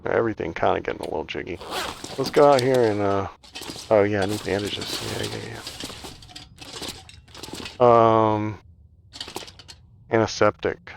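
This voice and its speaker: A man with a low, gravelly voice chats casually as he plays a game, rambling from one thought to the next and leaning on fillers. A faint hiss sits behind his talk. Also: a little slow, pauses often. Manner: rambling, chatty, many "like" fillers. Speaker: gaming channel host. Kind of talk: casual storytelling over gameplay.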